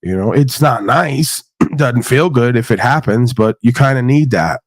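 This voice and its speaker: A man's voice: medium pitch, lively intonation, unhurried, dry recording. Man, livestream host, blunt and profane, laughs a lot, dry close sound. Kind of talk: casual livestream chat.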